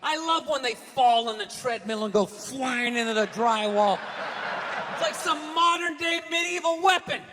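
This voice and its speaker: A man doing a stand-up comedy routine on stage, ranting profanely and breaking into shouts. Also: very high-pitched, lively intonation, normal speed, background noise. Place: large venue on stage. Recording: hall reverb with faint ambience.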